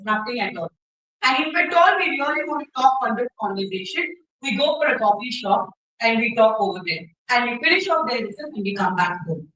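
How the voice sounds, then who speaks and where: A woman with an Indian English accent giving an interactive workshop to students as a soft skills trainer, often checking in with the audience and demonstrating gestures. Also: high voice, lively intonation, moderate pace. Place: university hall. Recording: roomy hall, mic far off.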